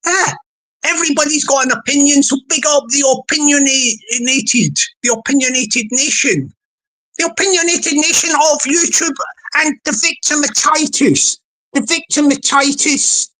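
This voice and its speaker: High-voiced woman, rambling and playful. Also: a little slow, a bit bright, low-quality recording. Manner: repetitive, playful, sing-song, often restarts phrases. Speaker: livestream host. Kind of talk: rambling casual livestream monologue.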